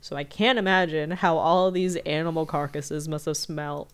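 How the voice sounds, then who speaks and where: Smooth-voiced woman casually recapping a film. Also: sits low, fairly even intonation. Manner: breezy, recaps the plot with quick asides. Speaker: podcast co-host. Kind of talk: casual movie-reaction chat.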